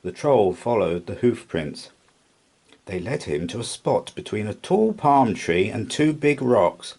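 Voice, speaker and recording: A man reading a children's storybook aloud with slow, expressive narration. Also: on the low side, husky. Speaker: storybook reader.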